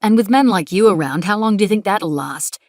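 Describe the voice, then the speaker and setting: A woman voicing a bold, theatrical young woman with an Australian accent who speaks forcefully and cuttingly. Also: medium pitch, expressive, a little fast, no echo, studio quality, pitched above the performer's own voice, lightly acted. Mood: scathing.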